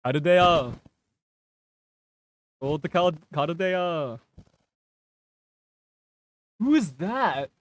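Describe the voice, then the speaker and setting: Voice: medium pitch, no echo. A streamer with a northern English accent giving laid-back gameplay commentary, muttering to themselves and swearing freely. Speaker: game streamer.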